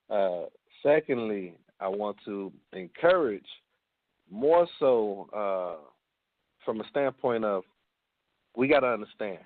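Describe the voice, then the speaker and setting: A man's voice: on the low side, no echo. A man with a Chicago accent, a panelist in a casual radio round-table, rambling with many fillers and restarts. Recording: dry tinny phone line.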